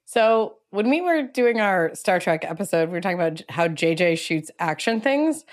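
A woman's voice: lowish voice, normal speed. A woman co-hosting a podcast, talking enthusiastically in casual chat about a TV episode. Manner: enthusiastic, animated storytelling. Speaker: podcast co-host.

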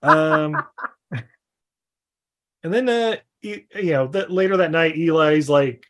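A man's voice: high-pitched, animated, takes it slowly, creaky, fairly bright tone. A man hosting a casual film podcast, telling stories animatedly and acting out quotes with self-deprecating humor. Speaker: podcast host.

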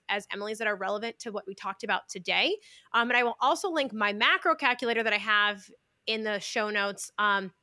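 Fast, bright-voiced emphatic woman host. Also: mid-range voice, no room sound, clean studio sound. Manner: intense, emphatic, talks like she is yelling. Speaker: podcast host. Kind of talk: casual podcast chat. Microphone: video call.

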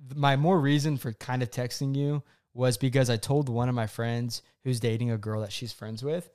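A young man tells a personal story in a casual chat, quoting himself with lively changes in voice. His pitch sits in the middle for a man. He talks like a co-host sharing with his partner. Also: normal speed, smooth. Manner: animated, acts out his own past quotes.

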